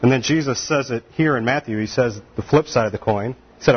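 A man's voice: medium pitch, fairly quick, husky, dull audio. Folksy man preaching a sermon. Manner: folksy, laughs often, acts out quoted voices. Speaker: pastor.

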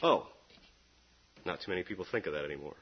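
A man delivers a sermon with a husky, somewhat breathy voice. His pitch swings widely as he fires off sarcastic jabs. The recording sounds dull and lo-fi. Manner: animated, sarcastic jabs, quick pitch jumps. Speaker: preacher.

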